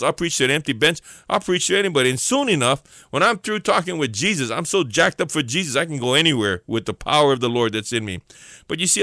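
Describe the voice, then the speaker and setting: A man preaches an informal devotional message in a bright, forceful voice. He is earnest and slows down to repeat his key lines for emphasis. The sound is close and dry, with no room around it. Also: fairly high pitch, no room sound.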